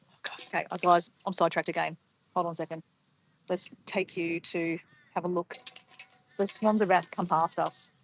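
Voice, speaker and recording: A woman's voice: fairly low pitch, flat delivery, moderate pace, creaky, long pauses, slight background noise. An Australian woman chatting casually to livestream viewers outdoors by a pond, easily sidetracked and calling her viewers guys. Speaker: livestream vlogger.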